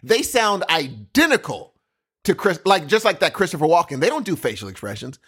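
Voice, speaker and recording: A man's voice: a little high, brisk, breathy edge. A man co-hosting a podcast in casual chat, rambling and acting out quotes as he talks. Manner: animated, rambling, acts out quotes. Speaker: podcast co-host.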